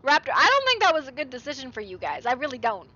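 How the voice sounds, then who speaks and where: A woman's voice: high-pitched, wildly swooping pitch, fast talker, bright, forceful tone, dull audio. A young woman streaming a game, chatting casually, swearing and reading game text aloud. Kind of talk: game live stream commentary.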